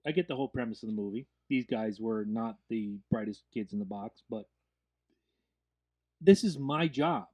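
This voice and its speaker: A man hosting a casual podcast, talking in an animated way and swearing freely. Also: on the low side, brisk, hardly any pauses. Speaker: podcast host.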